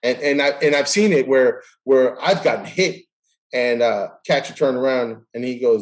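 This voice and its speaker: Animated man telling a story. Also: mid-range voice, normal speed, low-quality recording. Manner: animated storyteller who acts out dialogue. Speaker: host. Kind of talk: casual interview storytelling.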